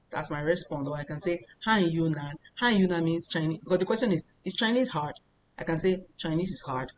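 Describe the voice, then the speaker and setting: A woman from Nigeria, teaching a language lesson as a tutor and repeating phrases slowly before explaining them step by step. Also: deep voice, a little hiss or hum, low-quality recording.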